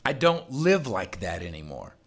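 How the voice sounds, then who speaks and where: A man giving a personal storytelling talk at a recovery meeting, animated, acting out the conversations he recounts, with a laugh now and then. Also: low voice, moderate pace. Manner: animated, acts out the dialogue he recounts.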